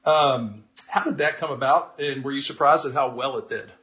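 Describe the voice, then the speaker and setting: A man's voice: mid-range voice, normal speed, bright, forceful tone. A man hosting an interview, asking questions hesitantly with many fillers. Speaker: interview host. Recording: dull, roomy lo-fi sound.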